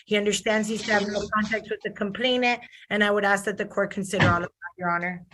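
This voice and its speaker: A woman's voice: medium pitch, little pitch movement, fast, pushed and bright. A woman defense attorney makes her case over a video call. She speaks formally, leaning on fillers and respectful address to the bench. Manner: formal, repeats "Your Honor", fillers. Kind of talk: courtroom argument on video call.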